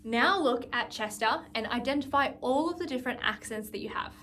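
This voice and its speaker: High-voiced woman teaching music practice. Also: expressive, brisk, sharp tone, a little hiss or hum. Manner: patient, counts and sings note names aloud. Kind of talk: guided practice lesson.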